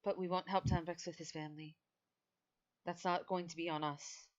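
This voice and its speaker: A woman's voice: on the low side, little pitch movement, normal speed. A woman playing a tabletop game, narrating her character's actions and speaking her lines. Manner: mixes third-person narration with quiet in-character lines. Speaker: player voicing her character Brooke. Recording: dull lo-fi sound.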